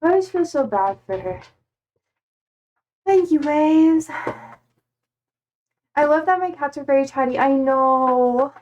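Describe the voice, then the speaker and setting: Young woman, casual streamer, high bright-pitched and unhurried, bubbly and gushing. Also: lively intonation, lo-fi sound. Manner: bubbly, gushing over her cats with baby talk. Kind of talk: casual live-stream chat.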